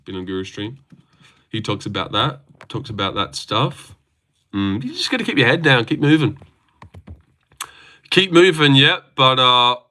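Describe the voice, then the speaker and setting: Man, young adult, Australian accent, livestream host, casual rambling chat, slangy, bright tone. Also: a little high. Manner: rambling, laid-back, slangy. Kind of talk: casual livestream chat reading viewer comments.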